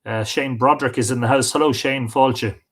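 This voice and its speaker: Irish male host, husky voice, easygoing off-the-cuff livestream chatter. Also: medium pitch, steady tone, brisk. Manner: chatty, off the cuff, greets viewers. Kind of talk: casual livestream chat. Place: home with bookshelves.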